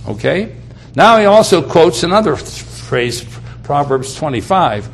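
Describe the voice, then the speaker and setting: A man's voice: fairly high pitch, very animated, unhurried, creaky. A man preaching a sermon. He speaks emphatically and repeats key phrases for weight.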